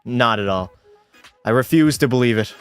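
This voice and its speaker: Streaming hockey gameplay live, this man does excitable play-by-play, trading banter and curses with viewers. He speaks at a normal speed in a smooth, mid-range voice, with faint music playing.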